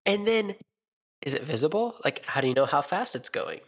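A man's voice: a little high, lively intonation, moderate pace, husky. A man co-hosting a podcast in casual, playful chat, joking and laughing a lot. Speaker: podcast co-host.

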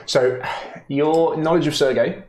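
A man narrating a tabletop game as game master, slow and dramatic with sudden shouts. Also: on the high side, steady tone. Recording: roomy recording with faint noise.

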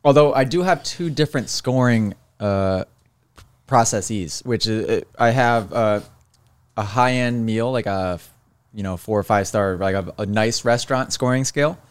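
A man's voice: lowish voice, normal speed, clean tone. Laid-back rambling podcast man. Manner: rambling, self-described monotone. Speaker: co-host. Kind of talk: casual podcast chat.

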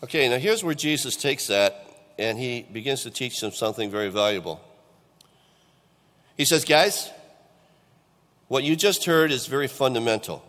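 A middle-aged man preaches a sermon at a relaxed, conversational pace and keeps tossing questions out to the congregation. His voice sits at an ordinary male pitch. It rings with the long reverb of a church hall. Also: normal speed, long pauses. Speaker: pastor.

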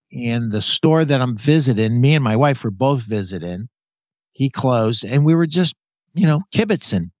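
A man hosting a podcast interview, chatting casually in an animated, jokey way and telling his own stories. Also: medium pitch, dry recording. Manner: animated, jokey, laughs often, calls guest "brother". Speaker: podcast host.

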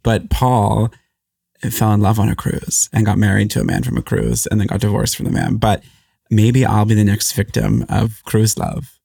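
A man's voice: lowish voice, steady tone, moderate pace, gravelly, dark tone, breathy edge, no echo, studio quality. A young man co-hosting a casual comedy podcast, rambling and correcting himself, laughing often. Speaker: podcast co-host.

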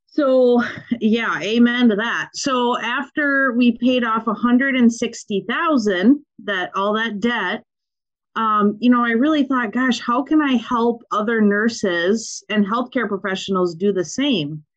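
A woman's voice: a little high, measured pace, dull audio. A woman from Minnesota with a Minnesotan accent, chatting upbeat as a podcast guest with many fillers. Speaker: guest, nurse practitioner and money coach. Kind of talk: casual podcast interview.

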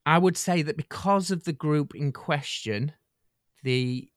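A man's voice: a little high, unhurried, dry recording. A man rambling and hesitating through a casual comedy podcast chat. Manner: rambling, hesitant, tangent-prone. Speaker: podcast co-host.

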